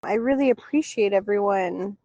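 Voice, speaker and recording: A woman co-hosting a casual podcast, speaking in a steady, supportive way and talking frankly about hard topics. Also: mid-range voice, normal speed, dry recording. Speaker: podcast co-host. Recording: dull dry recording.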